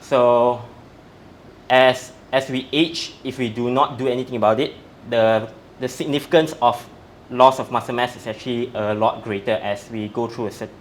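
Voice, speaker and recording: A man's voice: medium pitch, fairly even intonation, normal speed, a little hiss or hum. A man, a strength coach, explaining in an interview in a methodical, step-by-step way. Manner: methodical, breaks facts down step by step.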